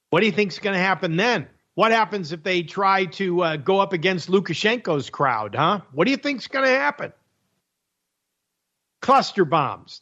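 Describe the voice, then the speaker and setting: High-voiced radio guy ranting sarcastically about the news, laughs at his own jokes, kinda muffled audio. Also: a bit bright. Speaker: radio host. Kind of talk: opinionated talk radio monologue.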